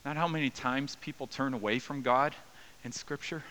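A male pastor preaching with a bright, forward voice at a middle pitch. He speaks earnestly, lifting into loud, drawn-out cries and then sinking to quiet, slowed phrases. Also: steady tone, a little hiss or hum, poor audio. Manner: earnest, dynamic preaching with soft drops and raised cries. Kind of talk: sermon.

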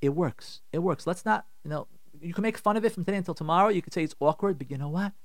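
Fast and high-voiced, this middle-aged rabbi runs an animated radio advice segment, repeating his guidance forcefully and acting out the complaints he reads. The studio recording is clean and echo-free.

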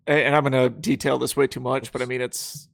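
Gravelly self-deprecating co-host, a man. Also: mid-range voice, level tone, fast, no room sound, clean studio sound. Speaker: podcast co-host. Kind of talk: casual podcast chat.

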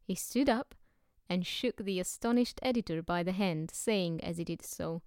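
A woman narrating a novel as an audiobook, with steady, even storytelling. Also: on the low side, moderate pace, clean tone, dry recording, clean studio sound.

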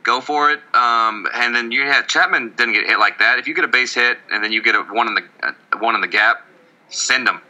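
A man co-hosting a casual baseball podcast, talking in a rambling, joking way full of stammered restarts. His voice is very bright and cutting, with the sound of a radio broadcast. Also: medium pitch, fairly quick, poor audio. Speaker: podcast co-host. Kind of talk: casual sports chat.

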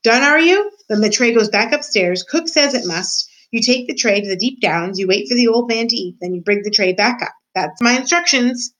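A woman voicing a hard-of-hearing, coarse servant girl who shouts bluntly in a read-aloud story. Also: on the high side, fairly quick, few pauses, voice pushed up, natural voice, poor audio. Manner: shouting, blunt and rough-spoken.

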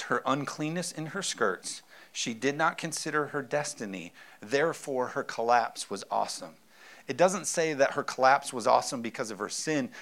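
A man's voice: medium pitch, a bit bright. A man in his thirties, a pastor preaching a sermon with emphasis and often calling out for an amen.

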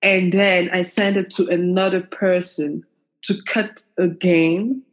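A woman's voice: lowish voice, takes it slowly. Woman telling her story. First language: French. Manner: animated, expressive storyteller. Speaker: podcast guest. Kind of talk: casual storytelling interview.

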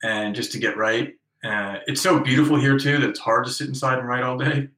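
A man's voice: medium pitch, fairly even intonation, a little fast, pushed and bright, echoey room, poor audio. A middle-aged American man from the Northeast, an interview guest talking over a remote call in a chatty, self-deprecating way with many restarts. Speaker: guest author. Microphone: remote call from abroad.

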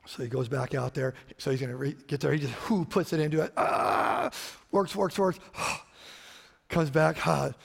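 A middle-aged man preaching a sermon, telling stories and switching between loud emphasis and quiet asides. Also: fairly high pitch, steady tone, moderate pace, gravelly, breathy edge. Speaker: pastor. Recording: long hall reverb.

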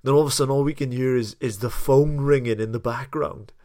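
Welsh podcast co-host, man, mid pitch, lively storyteller, dry close sound. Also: fairly quick, dry recording. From South Wales. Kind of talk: casual chat.

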